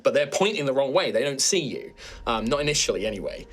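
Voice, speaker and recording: A man's voice: mid-range voice, big pitch swings, quick pace. A man running a tabletop game as game master, narrating at length with many fillers. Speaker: dungeon master.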